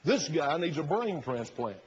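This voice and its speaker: A man's voice: on the high side, very animated, unhurried, breathy edge. Folksy preacher man, lo-fi sermon. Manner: folksy, retells the story with quoted inner thoughts. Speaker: pastor.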